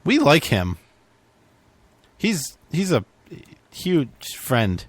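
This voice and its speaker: A man's voice: fairly high pitch, wildly swooping pitch, drawn-out words, no echo. A man co-hosting a casual political chat, teasing his partner with short wry remarks. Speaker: podcast co-host.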